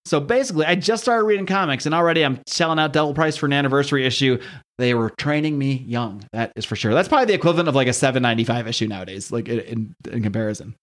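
A man's voice: medium pitch, rapid-fire. A man hosting a casual podcast, chatting about a comic, laughing often and reading lines aloud in voices. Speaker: comic book podcast host. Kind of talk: casual chat recapping a comic.

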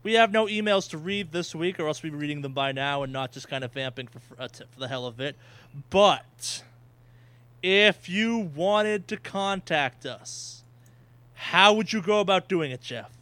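A man's voice: a little high, expressive, quick pace, few pauses, sharp tone, dry recording. A man co-hosting a casual gaming podcast, talking loosely and swearing offhand. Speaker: podcast co-host.

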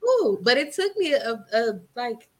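Animated woman guest on a podcast. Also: fairly high pitch, measured pace. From Atlanta, Georgia, US. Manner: animated, acts out quoted voices, laughs easily. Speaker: podcast guest, fitness trainer. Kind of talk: casual interview chat.

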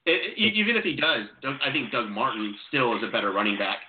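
Guy hosting call-in chat, super quick, trips over his words, sounds like a phone line. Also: medium pitch, a little hiss or hum. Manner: fast, excitable, stumbling restarts. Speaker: show host taking calls. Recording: tinny phone-like audio.

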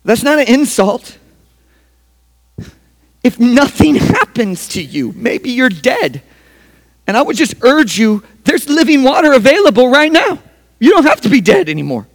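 A male pastor delivering a sermon in a high-pitched voice for a man. He is emphatic and swings between hushed passages and loud declarations. His voice rings out with a long church reverb. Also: very animated, normal speed.

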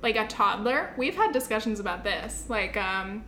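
A woman co-hosting a casual couple's podcast who laughs often and swears casually; her voice turns shrill when she stresses a point. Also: sing-song, moderate pace, sharp tone, a little hiss or hum. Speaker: podcast co-host. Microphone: studio microphone.

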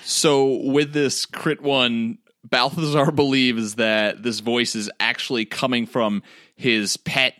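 A man playing a tabletop game, narrating his character's actions in the third person at an unhurried, slow pace. His voice is bright and forceful, and the sound is dry and close. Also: medium pitch, steady tone, no room sound. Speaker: player.

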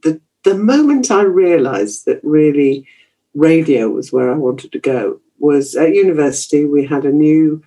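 Reminiscing about his youth in an interview, a man who works as a journalist chats along, laughing readily and often starting sentences over. His voice is a little high and dark in tone, animated but unhurried, in reflective conversational storytelling.

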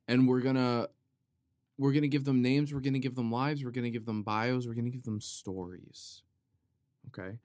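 A man hosting a podcast, talking in a playful, rambling comedic monologue that wanders off on tangents, with sudden loud outbursts. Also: medium pitch, steady tone, normal speed, no room sound, clean studio sound. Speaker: podcast host.

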